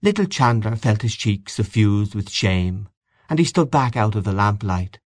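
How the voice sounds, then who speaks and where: A man reading a literary short story aloud in a measured, even narrating manner. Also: on the low side, dry recording, clean studio sound. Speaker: audiobook narrator.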